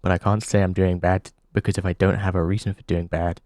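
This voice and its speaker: Man, deadpan comic host, low-pitched voice, halting delivery, dry sound. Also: dry recording. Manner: deadpan, halting, with many pauses and restarts. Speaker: comedy show host. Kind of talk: deadpan comedic monologue.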